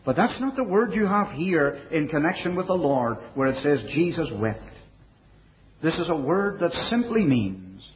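A man preaching a sermon in a measured way, dropping his voice low and soft for quoted verses. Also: sing-song. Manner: measured preaching, quoting scripture in older English. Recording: dull, lo-fi recording.

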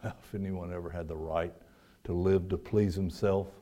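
Male preacher, fairly low voice, dynamic sermon delivery with loud peaks and soft asides. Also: fairly even intonation, normal speed.

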